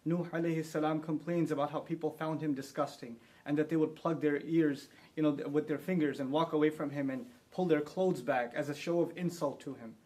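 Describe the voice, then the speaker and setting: A man with a rather high speaking voice delivers a short religious talk. He grows emphatic as he makes his points and drops to a quick murmur for honorific phrases. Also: steady tone, darkish tone. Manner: builds to emphatic, rising delivery when quoting scripture. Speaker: Islamic speaker.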